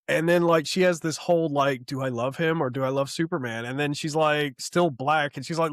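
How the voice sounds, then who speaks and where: A man's voice: a little high, a little fast, few pauses, no echo, clean studio sound. A man co-hosting a comic book podcast in casual chat, rambling, laughing often and swearing freely. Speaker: podcast co-host.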